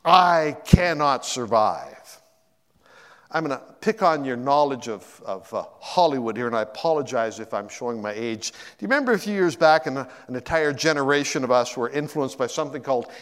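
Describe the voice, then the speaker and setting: A man's voice: medium pitch, fast, few pauses, big-room sound. A middle-aged man preaching a sermon as a pastor in a church, acting out quotes and repeating words as he gathers his thoughts. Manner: animated, acts out quotes with sudden voice shifts. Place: church sanctuary.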